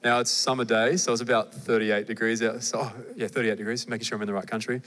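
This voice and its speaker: Man, Australian accent, young adult, casual animated sermon, long reverb from the hall. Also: medium pitch, fast talker. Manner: conversational and animated, with asides to the audience. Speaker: preacher.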